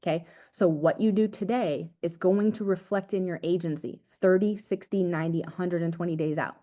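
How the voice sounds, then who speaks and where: A young woman, an agency owner, gives an energetic, casual motivational talk to her team over a video call, repeating her points and calling them "guys". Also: lowish voice, a little fast. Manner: energetic, repetitive, casual slang like "dude" and "guys".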